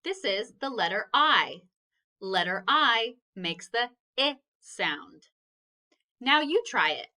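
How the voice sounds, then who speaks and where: A woman leads a phonics lesson at a very unhurried pace. Her voice is bright and clear, and she sounds out each letter patiently and encourages the listener. She keeps the tone gentle and instructive throughout. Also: mid-range voice, very animated. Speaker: teacher. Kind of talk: slow phonics lesson for children.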